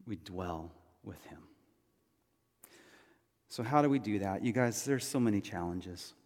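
A man preaching a sermon as pastor, moving between loud urgent pleading and soft, hushed reassurance. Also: on the low side, animated, measured pace, big-room sound.

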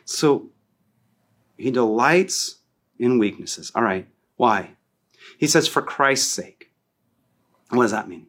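Animated male pastor preaching. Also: medium pitch, measured pace. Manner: animated, repeats phrases for emphasis. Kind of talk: sermon.

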